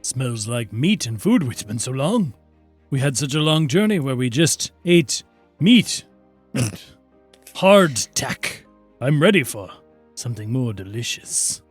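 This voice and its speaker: A cheerful, pompous adventurer who loves good food and flowery greetings, as a man puts him on. His pitch swings up and down a lot, and faint music plays behind him. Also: very animated, slow pace, slightly rough, exaggerated voice. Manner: grandiose, playful.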